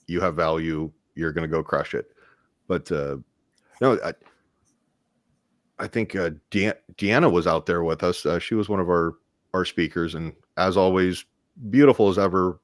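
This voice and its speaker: A man's voice: deep voice, dry recording, studio quality. A man co-hosting a live talk show, chatting casually with frequent stammers and repeated words. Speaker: show co-host. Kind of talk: casual chat.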